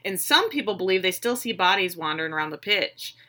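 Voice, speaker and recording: A woman's voice: mid-range voice, expressive, fairly quick, sharp tone. A woman casually recapping a TV episode with a co-host, acting out quotes in playful voices. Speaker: podcast co-host recapping a show.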